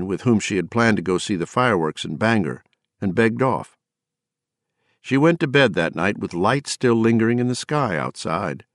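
A man reading a novel aloud as an audiobook narrator, measured and dramatic in his storytelling. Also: lowish voice, no room sound, clean studio sound.

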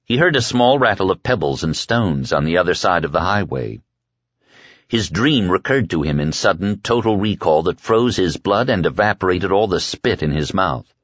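A man reading an audiobook in a measured, dark storytelling manner. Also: low voice, husky, no room sound. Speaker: audiobook narrator. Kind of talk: scripted audiobook narration. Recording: dry dull lo-fi audio.

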